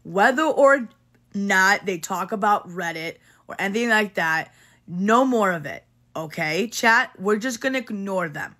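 A woman's voice: mid-range voice, animated, unhurried, bright, forceful tone. A woman livestreaming to her chat, talking casually and earnestly, repeating herself and checking in with "okay?" as she urges viewers to ignore online hate. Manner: repetitive, keeps adding "okay?" to reassure viewers.

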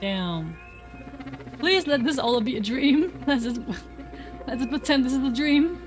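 A woman streamer giving casual, excitable reaction commentary on a game, swearing and laughing often. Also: high-pitched, unhurried. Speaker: gaming streamer. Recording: background music under voice. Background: background music.

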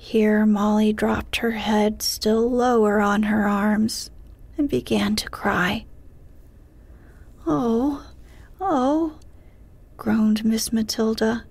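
A woman narrating a bedtime story in a soft, whispered, slow and hushed way. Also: mid-range voice, little pitch movement. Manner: slow, hushed, breathy delivery.

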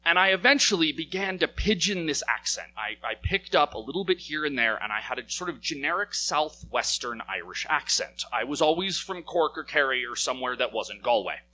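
A young American man telling a personal story at a live story slam, lively and wry, his voice climbing as the tale builds. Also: a little high, fairly quick, few pauses, slight background noise, low-quality recording. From United States. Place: stage in a small venue.

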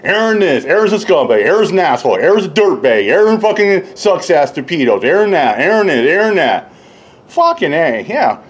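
A man ranting casually and profanely, rambling and mocking others, often laughing and mimicking them in high voices. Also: very animated, normal speed, slightly rough. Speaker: YouTube commentator. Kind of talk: casual rant.

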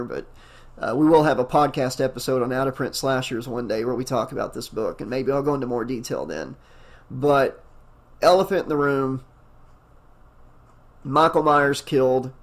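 Hoarse male audiobook narrator. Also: mid-range voice. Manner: rambling, enthusiastic, many fillers. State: hoarse, losing his voice. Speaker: audiobook narrator and channel host. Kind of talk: audiobook narration and casual commentary.

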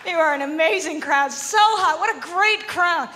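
A woman from Canada doing a stand-up comedy set, animated and laughing often as she acts out little voices. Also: very high voice, moderate pace. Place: comedy club stage before a live audience. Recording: live hall recording with crowd noise.

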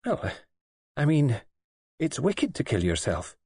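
A man voicing a calm, soothing young nurse. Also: fairly high pitch, slow, slightly rough, no echo, clean studio sound, voice pushed up, full character voice. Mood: earnest. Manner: calm, soothing, gently reproving. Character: young red-haired female nurse, kindly, placid, indulgent.

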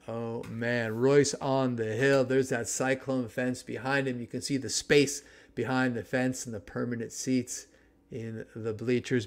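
A man in his fifties from the San Francisco Bay Area, hosting a podcast and telling a nostalgic story in an animated, exclamatory way. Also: medium pitch, smooth. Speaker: podcast host.

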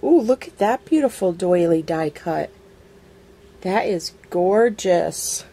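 A woman vlogger unboxes a craft swap package in a casual chat, gushing over every item with excited exclamations. Her voice is lowish and her pace is slow.

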